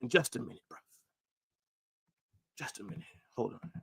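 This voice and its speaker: A man ranting angrily on a football livestream, profane, swinging from shouts to low mutters. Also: big pitch swings, normal speed, creaky, husky. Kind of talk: livestream rant.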